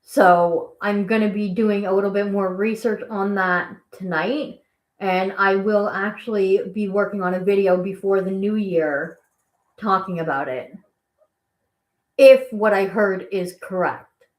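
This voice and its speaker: A woman's voice: medium pitch, steady tone, measured pace. A woman hosting a casual live stream, chatting and rambling as she answers viewer questions. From Canada. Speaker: guinea pig channel host. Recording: echoey room.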